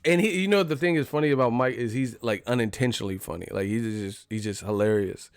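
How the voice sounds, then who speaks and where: A man hosting a live boxing talk stream, riffing in an animated, profane, joking way. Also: medium pitch, fast talker, no echo, studio quality. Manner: animated, profane, laughing riffs. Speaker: boxing channel host. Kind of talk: casual live-stream commentary.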